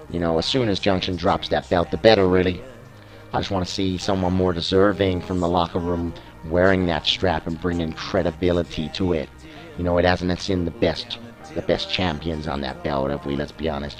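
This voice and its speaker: A man's voice: low-pitched, rough recording. A man commentating on a video game wrestling show, blunt and opinionated, swearing freely. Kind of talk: casual play-by-play commentary over a video game.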